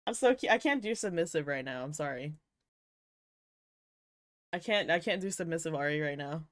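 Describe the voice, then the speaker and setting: In a casual livestream chat, a slightly tired young woman VTuber giggles, teases her viewers, and swears frequently. Her voice is low-pitched and animated at a moderate pace, with clean studio sound and no echo.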